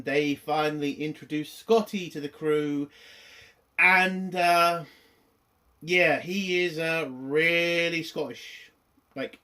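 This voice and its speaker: A man's voice: fairly high pitch, fairly bright tone. Sweary British man ranting a review. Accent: British English. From Britain. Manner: sweary, ranting, lots of fillers. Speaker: TV review host. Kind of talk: casual spoken review.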